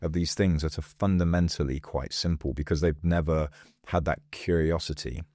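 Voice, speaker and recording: A man with an extremely deep voice chats casually as an interview guest. He tells stories in a lively way and slips into the voices of the people he quotes. The recording is dry and close, with no room sound. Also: normal speed, no room sound. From England. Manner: lively storyteller who acts out quoted voices. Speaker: podcast guest.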